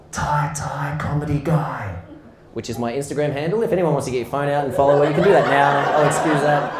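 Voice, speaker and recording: A man performing a stand-up comedy set, telling stories and acting out the exchanges with lively energy. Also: fairly high pitch. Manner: animated storytelling, acting out exchanges. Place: live comedy venue with audience. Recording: echoey room with audience noise.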